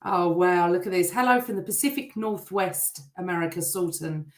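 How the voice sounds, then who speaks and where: A middle-aged woman hosting a live football fan show, chatting and reading out viewer comments, her voice a bit rough. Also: lowish voice, moderate pace. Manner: chatty, warm toward viewers, teasing. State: voice still rough from shouting. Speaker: host. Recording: echoey room.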